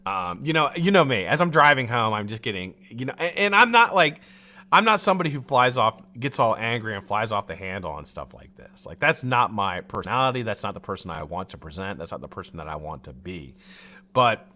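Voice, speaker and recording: A man's voice: on the low side, animated, brisk, bright, forceful tone. A man hosting a live stream, ranting in frustration, swearing freely and restarting his sentences. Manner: frustrated, profane, rambling with restarts; laughs at his own jokes. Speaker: livestream host. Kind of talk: heated live-stream rant.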